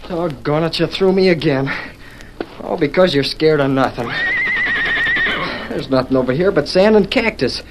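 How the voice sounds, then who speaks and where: An actor playing a plucky young cowboy lad who talks excitedly to his horse, in 1940s radio acting. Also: on the high side, moderate pace, close to an everyday voice. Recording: noisy 1940s radio broadcast.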